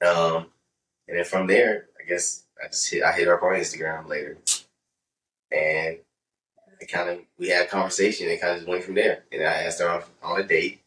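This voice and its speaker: Young man, co-host, deep voice, laid-back and halting, far off-mic. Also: flat delivery, a bit bright. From Atlanta South Side. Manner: laid-back, hesitant, lots of fillers. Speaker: podcast co-host. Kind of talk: casual chat. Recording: roomy sound, distant from mic.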